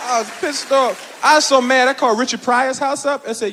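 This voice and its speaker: A man does stand-up in a very high, excitable voice, indignant and profane. His lines carry a long hall reverb with a faint audience behind. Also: fairly quick, a faint crowd. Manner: animated, profane, indignant storytelling. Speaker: stand-up comedian. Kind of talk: stand-up routine. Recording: live stand-up show in a large hall.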